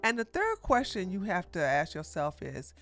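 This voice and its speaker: A woman's voice: on the low side, wildly swooping pitch, moderate pace, heavy background noise. A woman hosting a livestream podcast, giving blunt opinions in casual commentary, laughing often and reading out viewer donations. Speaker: podcast host.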